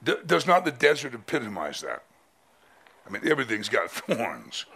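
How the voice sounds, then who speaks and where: A male pastor preaching a sermon at a men's conference, dramatic and emphatic, with drawn-out pauses. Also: medium pitch, sing-song, creaky, sharp tone, breathy edge.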